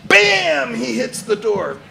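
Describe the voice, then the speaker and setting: Brief: older male storyteller, salty and animated, laughs through his tale. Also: a little high, a little slow. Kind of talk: live personal storytelling.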